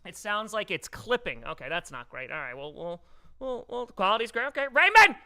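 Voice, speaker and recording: Energetic, bright-voiced male stream host. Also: high voice, fairly quick, smooth. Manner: energetic, chatty, fussing over audio settings and reading viewer messages aloud. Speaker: livestream host. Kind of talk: casual live-stream chat. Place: rented studio space.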